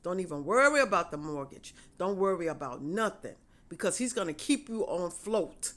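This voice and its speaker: A woman's voice: lowish voice, expressive, normal speed, fairly bright tone. A woman talking casually to her viewers, encouraging them to trust God, and repeating her key phrases in a preachy, conversational way. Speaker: faith vlogger.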